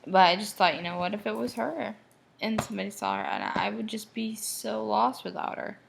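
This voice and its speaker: A woman's voice: medium pitch, lively intonation, brisk, gravelly, noisy background. A young woman from Michigan talking in a personal video diary, emotional and rambling, often restarting her sentences. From Michigan, USA. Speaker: vlogger.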